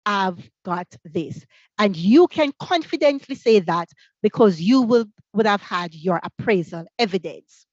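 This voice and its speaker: A woman with a Jamaican accent leading a teacher training workshop over a video call. She is energetic and fires off rhetorical questions. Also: medium pitch, normal speed, no echo, lo-fi sound. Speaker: workshop facilitator.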